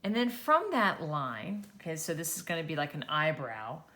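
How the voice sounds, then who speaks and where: A woman teaching a children's drawing lesson, gently talking through each step as she draws. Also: low-pitched, sing-song, normal speed. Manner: gentle, encouraging, talks while drawing. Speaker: art teacher.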